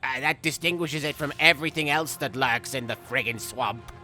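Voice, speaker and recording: A man voicing a goofy, unhinged young male villain as he comments on a game, rambling through silly jokes with sudden shrill outbursts. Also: fairly quick, pushed and bright, soft background music. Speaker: gameplay commentator. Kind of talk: comedic let's-play commentary.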